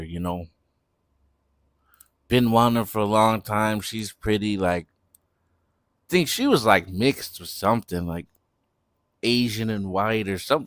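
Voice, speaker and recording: A man's voice: on the low side, dry recording. Laid-back young man telling a story. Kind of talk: casual storytime vlog.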